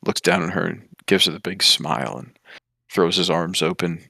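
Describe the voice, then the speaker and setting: A man narrating as game master in a tabletop game, animated with fillers. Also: low voice, moderate pace, gravelly, no room sound, clean studio sound. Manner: animated, many fillers and restarts.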